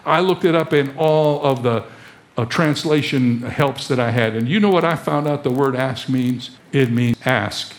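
A man preaching a sermon as pastor, animated and fond of rhetorical questions. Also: mid-range voice, moderate pace, a little hiss or hum.

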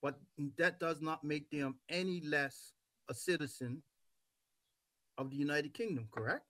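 A man's voice: fairly high pitch, measured pace, pushed and bright, no room sound. A man from Bermuda hosting an interview show, talking emphatically and persuasively with rhetorical questions. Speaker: host.

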